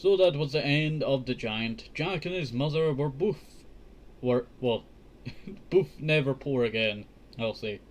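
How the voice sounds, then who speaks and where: A man's voice: medium pitch, unhurried. Chatty man reading a storybook aloud. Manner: chatty, joking asides, says "I tell you" often. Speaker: host reading a children's book. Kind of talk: casual storybook reading with commentary.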